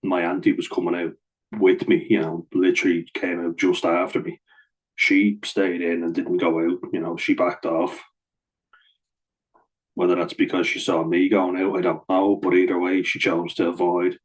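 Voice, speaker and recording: A man's voice: sits low, flat delivery, normal speed, poor audio. An Irish man telling a story straight to camera, blunt and venting, with heavy swearing. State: wearing a blood-pressure cuff. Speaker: vlogger.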